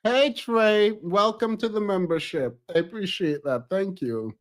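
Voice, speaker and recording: A man's voice: high voice, unhurried. A man streaming reaction commentary on reality TV clips, exasperated and ranting, repeating words for emphasis.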